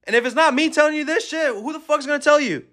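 A man's voice: very high voice, quick pace, fairly bright tone. A man hosting a podcast, giving an aggressive, swear-filled motivational rant at the listener. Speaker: podcast host.

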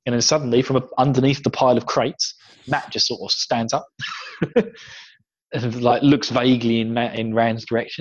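A man's voice: mid-range voice, little pitch movement, moderate pace, no echo, highs cut off. An English man co-hosting a podcast, chatting casually through a book recap, laughing often and slipping into voices for the scenes. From England. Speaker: podcast co-host.

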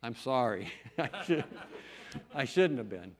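A man's voice: medium pitch, animated, measured pace. A middle-aged man, a farmer and lay preacher, giving an earnest, folksy testimony talk in church with emphatic stresses.

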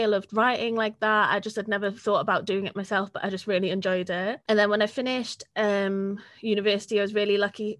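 Fast-talking young woman. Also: mid-range voice, a bit bright, no echo, clean studio sound. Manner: chatty, sweary, laughs often. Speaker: podcast guest, freelance journalist. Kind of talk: casual interview chat.

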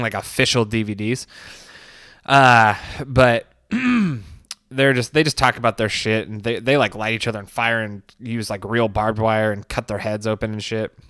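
A man's voice: on the low side, fairly bright tone, smooth, dry recording, clean studio sound. A man casually recapping a documentary, rambling with fillers, restarts and laughs. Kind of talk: casual commentary.

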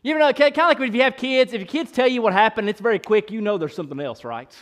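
A male pastor preaching a sermon in an animated, playful way, speeding up and slowing down as he goes. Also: high-pitched. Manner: animated, playful, shifting pace.

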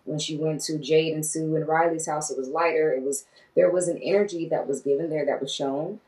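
A woman co-hosts a casual movie review podcast with a low voice. She is animated and swears freely, acting out quoted lines. Her voice sounds set back a little from the microphone. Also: brisk, distant mic, rough recording. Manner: animated, swearing, quoting herself and others. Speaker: podcast co-host.

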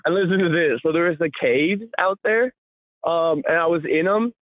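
A man co-hosting a podcast, telling a rambling, animated story in casual chat with frequent laughs. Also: a little high, moderate pace, dry recording. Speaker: podcast co-host. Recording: tinny phone-line sound, dry.

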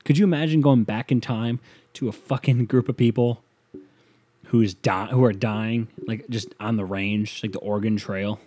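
Man, lowish pitch, sarcastic, profane, comedic rant. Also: fairly even intonation, moderate pace, warm tone.

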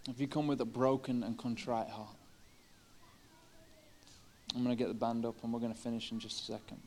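A man's voice: medium pitch, flat delivery, brisk, slight background noise. A man preaching a sermon in a church service, telling a story in a casual, conversational way with many fillers. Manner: conversational, lots of 'like' and 'uh'. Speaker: pastor. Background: live band playing soft guitar.

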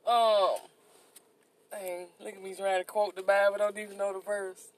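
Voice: medium pitch, flat delivery, normal speed, poor audio. A podcast co-host, talking in a playful, emphatic and self-mocking way. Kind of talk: casual chat.

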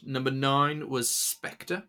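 A man co-hosting a casual podcast, answering quiz questions with brief, low-key replies. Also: flat delivery, slow pace, pushed and bright. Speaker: podcast co-host and quiz contestant.

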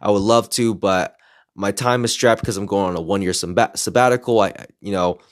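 A man casually telling a story as a podcaster, excited and animated, acting out what people said. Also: lowish voice, fairly quick, no echo, clean studio sound. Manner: excited, animated retelling with quoted voices.

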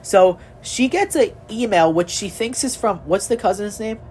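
A woman's voice: medium pitch, animated, moderate pace, darkish tone, a little hiss or hum. A young woman co-hosting a casual chat, telling a family story with a lot of swearing and exasperation. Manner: profane, exasperated, mimics relatives in quotes.

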